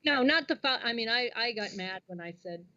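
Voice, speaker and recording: Woman on a dull lo-fi line, animated chat. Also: on the high side, no echo. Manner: quick reactions, laughs along, animated when telling stories. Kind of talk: casual conversation.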